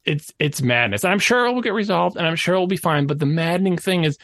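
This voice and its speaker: A man's voice: sits high, expressive, quick pace, fairly bright tone, dry recording, clean studio sound. A man co-hosting a podcast, ranting in exasperation during casual chat. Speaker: podcast co-host.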